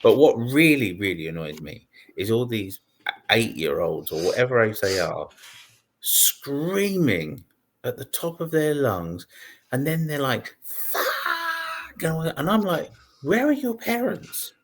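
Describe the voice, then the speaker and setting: A man's voice: medium pitch, big pitch swings, measured pace. A man co-hosting a gaming podcast, ranting bluntly and swearing in casual chat. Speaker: podcast co-host.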